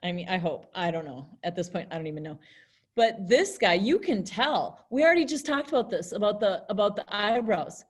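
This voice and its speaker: A woman's voice: medium pitch, lively intonation, a little fast, slightly rough. A young woman teaching an online class in a chatty way, acting out example phrases in different tones. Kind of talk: virtual classroom lesson.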